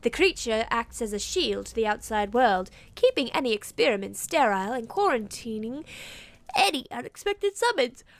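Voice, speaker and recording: A woman doing a brisk tour-guide staffer. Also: on the high side, big pitch swings.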